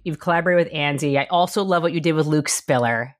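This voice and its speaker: A woman's voice: low-pitched, quick pace. A woman hosting a podcast interview, asking open questions and praising her guest effusively. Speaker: podcast host.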